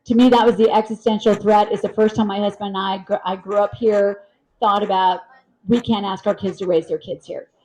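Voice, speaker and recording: Female moderator, middle pitch, earnest and emphatic. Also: fairly even intonation, brisk, a little mellow, low-quality recording. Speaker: panel moderator. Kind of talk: moderating a panel.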